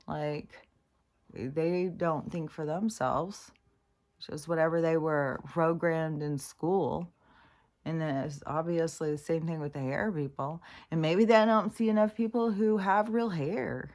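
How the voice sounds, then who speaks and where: A woman in a casual vlog, rambling and exasperated, swearing freely and growing loud when indignant. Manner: grows loud and high-pitched when indignant. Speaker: vlogger. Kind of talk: casual spiritual vlog rant.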